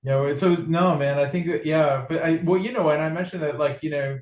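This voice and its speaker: A man's voice: on the high side, steady tone, a little fast, hardly any pauses, darkish tone. Laid-back Californian man, echoey room. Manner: laid-back, rambling, repeats words. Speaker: podcast guest, musician. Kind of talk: casual chat.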